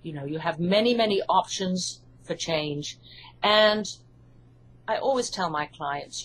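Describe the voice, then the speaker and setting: English lady hypnotherapist, lowish voice, calm reassuring explaining, bit of hiss behind. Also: unhurried, poor audio. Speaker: hypnotherapist and author. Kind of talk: interview answers.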